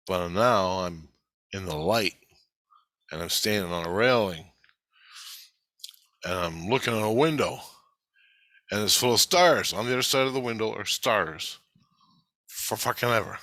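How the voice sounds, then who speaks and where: A man's voice: fairly low pitch, unhurried, pauses often, pushed and bright, no echo. A man in a casual spoken monologue, recounting a spiritual experience in an agitated, rambling way and swearing heavily.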